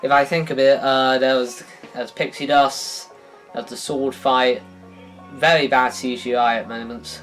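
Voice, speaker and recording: A man talks through a film review in a loose, rambling way, with sighs, restarts and sarcastic asides. His voice sits at an ordinary middle pitch. Soft guitar music plays faintly behind him. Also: fairly even intonation, normal speed.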